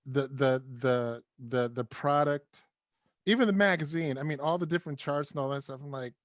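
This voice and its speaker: A man hosts a casual interview, his mid-pitched voice recorded dry and close. He keeps the talk moving with steady "mm-hmm"s and eager reactions. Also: moderate pace, dry recording. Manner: frequent "mm-hmm" backchannels, enthusiastic reactions. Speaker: podcast host.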